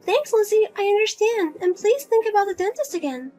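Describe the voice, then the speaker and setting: A woman's voice: very high voice, animated, fairly quick, darkish tone, soft background music. A woman voicing a pushy middle-aged mother who nags and guilt-trips her grown daughter. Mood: nagging, whiny. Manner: nagging, pleading, guilt-tripping.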